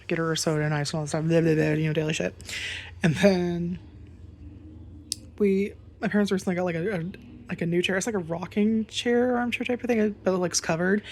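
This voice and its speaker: A woman's voice: fairly low pitch, darkish tone. A woman vlogger telling a casual storytime rant, rambling and swearing freely with lots of fillers.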